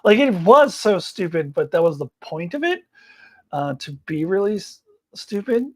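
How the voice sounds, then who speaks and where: A middle-aged woman chats loosely on a live stream and reacts to viewer comments. Her pitch swoops up and down in an animated way. She giggles often and drifts off into ums and uhs. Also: normal speed, slightly rough. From United States. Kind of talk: casual live chat, reading comments.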